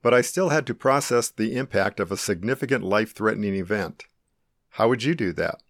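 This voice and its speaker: A middle-aged man calmly and earnestly narrating his own life-or-death experience in the first person. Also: fairly low pitch, fairly quick, dry recording, studio quality. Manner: calm, earnest, reflective.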